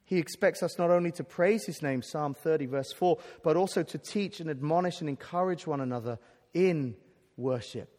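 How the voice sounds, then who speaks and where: A man preaches a sermon at a conference, earnest and emphatic, often stumbling and starting his words over. His voice is fairly high and a little mellow at a normal speed, with long hall reverb on the recording.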